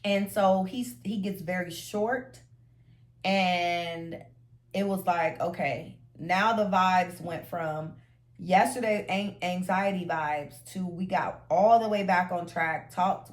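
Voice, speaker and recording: A woman's voice: fairly low pitch, slow pace. Casual woman storyteller, roomy sound. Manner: animated, acts out quotes, slangy. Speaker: vlogger telling a story. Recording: roomy echo.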